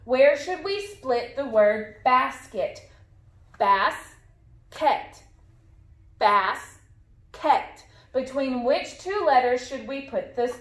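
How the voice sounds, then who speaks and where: Slow, patient phonics teacher, a woman. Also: high voice, echoey room. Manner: patient, drawn-out modeling of sounds and words. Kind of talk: slow phonics lesson for young children.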